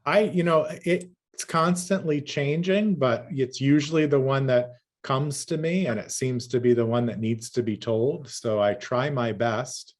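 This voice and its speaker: A man who is a storyteller, telling a traditional tale and answering questions in a rhythmic, measured way over a video call. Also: mid-range voice. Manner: rhythmic, measured, lingers on native words.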